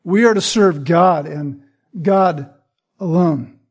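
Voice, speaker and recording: A man's voice: fairly high pitch, takes it slowly. A man preaching a sermon, earnest and emphatic, building points through repetition. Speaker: pastor.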